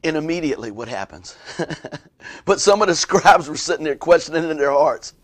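A man's voice: fairly high pitch, animated, fairly quick. A male pastor, preaching a conversational sermon with frequent asides to his listeners.

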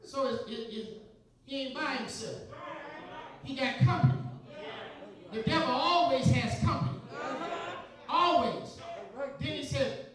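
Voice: high-pitched, a little slow, long pauses, a crowd in the background. A preacher, delivering a rhythmic call-and-response sermon, firing questions at the congregation and repeating phrases. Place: large church sanctuary. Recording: echoey church, picked up from far off, congregation audible.

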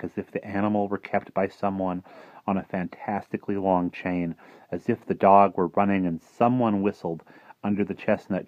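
A man giving an expressive, dramatic story reading that drops to a hush at dark moments. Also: low-pitched, dry recording. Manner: expressive, dropping to hushed tones at dark moments. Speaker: reader. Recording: dull lo-fi dry recording.

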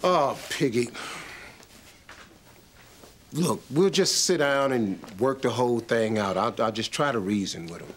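A man's voice: medium pitch, unhurried, long pauses, fairly bright tone, slight background noise, close to an everyday voice. An actor playing a wisecracking male teacher in a TV sitcom, with a dry, teasing delivery. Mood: chiding. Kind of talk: sitcom acting.

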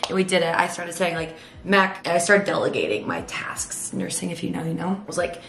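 Fast-chatting young woman vlogger. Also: fairly low pitch, vocal fry, fairly bright tone. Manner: rapid chatty storytelling, constant "like" fillers. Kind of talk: casual storytelling to camera. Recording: roomy echo, faint background noise.

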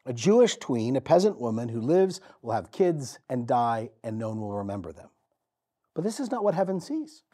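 A man preaching a sermon as pastor, telling the story with dramatic pauses and repetition. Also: medium pitch, very animated, mellow. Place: church.

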